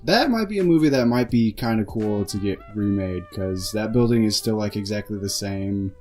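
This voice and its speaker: Easygoing low-voiced podcast guy. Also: lively intonation, normal speed, a little mellow, soft background music. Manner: easygoing, loose and casual. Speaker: podcast co-host. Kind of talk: casual movie review chat.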